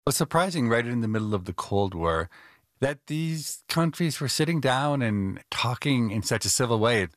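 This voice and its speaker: A man's voice: medium pitch, expressive, moderate pace, fairly bright tone, no room sound. Curious guy asking questions in an interview, dry close sound. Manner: curious, reflective. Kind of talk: conversational interview.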